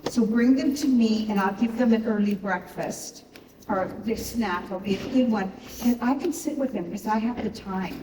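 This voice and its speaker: A woman's voice: medium pitch, normal speed. A woman volunteer sharing practical advice in a group session, chatty with fillers. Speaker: snack volunteer. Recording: distant in an echoey, noisy hall.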